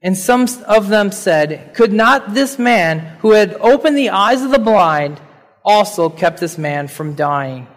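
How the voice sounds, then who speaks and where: Earnest high-voiced male pastor in a hall. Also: animated. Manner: earnest, slows down on key verses. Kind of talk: sermon with scripture reading.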